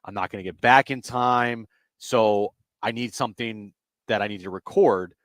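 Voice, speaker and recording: A man co-hosting a sports radio show, telling a rambling story in casual chat and often trailing off quietly. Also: lowish voice, moderate pace, no echo. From United States.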